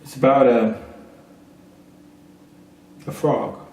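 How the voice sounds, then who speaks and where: A man's voice: mid-range voice, steady tone, extremely slow, a little mellow. A man preaching a sermon, telling a parable and rising to emphatic peaks. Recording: echoey room, far from mic.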